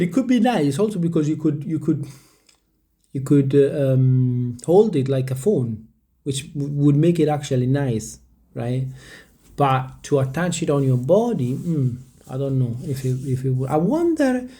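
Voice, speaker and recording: A man's voice: on the high side, mellow. A man who is not a native English speaker, rambling casually to his viewers with lots of hesitations and restarts. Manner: stumbles over word pronunciation. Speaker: vlogger. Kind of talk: casual talk to camera.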